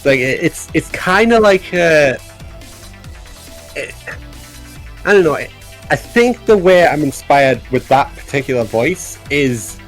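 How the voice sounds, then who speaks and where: Animated man chatting on a stream. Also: a little high, a little slow, pauses often, soft background music. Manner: animated, self-deprecating, laughs often. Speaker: game developer streaming. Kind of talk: casual stream chat.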